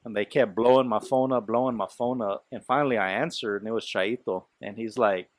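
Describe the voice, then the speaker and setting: A man's voice: fairly low pitch, a little fast, no room sound. A man hosting a podcast, telling a story in loose casual talk, full of swearing, fillers and quoted speech. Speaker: podcast host.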